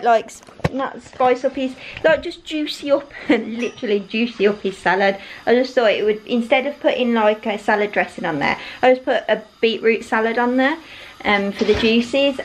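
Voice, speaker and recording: A woman's voice: on the high side, background noise. A woman, chatting to the camera at home while doing chores. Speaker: vlogger, mother. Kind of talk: casual vlog chat. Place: family home.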